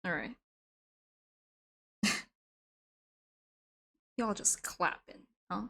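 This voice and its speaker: Chatty woman streamer, fairly high voice. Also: animated, unhurried, fairly bright tone. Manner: rambling, chatty, casually swears. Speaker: livestreamer. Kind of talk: casual chat while drawing on stream.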